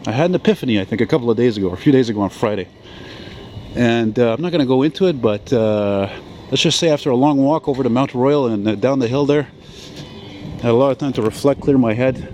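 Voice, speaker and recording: A man's voice: mid-range voice, fast talker, a little mellow, slight background noise. Rambling, sweary man in his forties. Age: 40s. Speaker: vlogger. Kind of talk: rambling walk-and-talk vlog. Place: outdoors on a city street. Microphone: handheld camera while walking.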